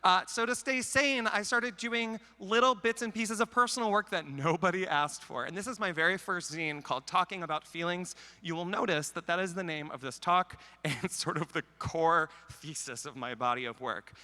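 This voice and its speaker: A man's voice: sits high, bright, forceful tone. A man from Canada giving a comedic, self-deprecating conference talk into a handheld mic in a large hall. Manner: wry, self-deprecating, quick jokes. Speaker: conference speaker.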